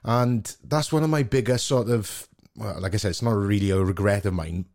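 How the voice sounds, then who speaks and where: A Welsh man, a working actor, talks casually in a lowish voice. He hedges as he goes, leaning on "sort of" and "like". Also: normal speed, darkish tone. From Wales. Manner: hedging, lots of "sort of" and "like". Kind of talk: casual chat.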